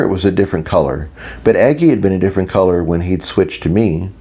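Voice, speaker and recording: Deep-voiced man narrating an audiobook. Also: a little mellow. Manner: wry, self-mocking inner monologue. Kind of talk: first-person audiobook narration.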